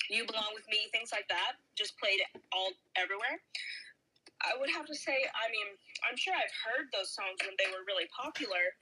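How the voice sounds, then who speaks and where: A woman's voice: mid-range voice, husky, poor audio. A young woman co-hosting a podcast in casual chat, rambling with many fillers while snacking. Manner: relaxed, rambling, lots of fillers. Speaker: podcast co-host.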